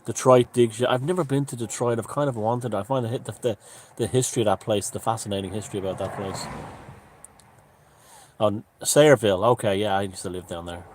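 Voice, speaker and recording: A man hosting a casual live stream from a room at home, greeting viewers and chatting in a relaxed way. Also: lowish voice, brisk, a little hiss or hum. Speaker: livestream host. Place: room at home with the window open.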